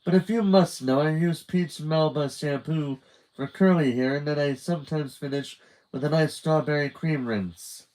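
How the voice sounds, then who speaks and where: A man's voice: fairly high pitch, moderate pace, a little mellow, voice pushed up, lightly acted, rough recording. A man voicing an emphatic, indignant young spy girl. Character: bossy spy-kid girl, quick and dramatic.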